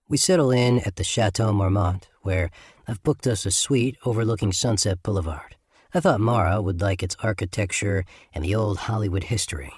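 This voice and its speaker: A man narrates a first-person audiobook in an even, slightly sardonic way. His voice is low and husky. The recording is dry and close. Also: normal speed, no room sound.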